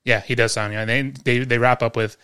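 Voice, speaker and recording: Co-hosting a casual podcast from home, a man with an ordinary-pitched voice rambles through anecdotes and opinions in a relaxed, conversational tone. He frequently restarts, stumbling over repeated words, and pauses to clear his throat.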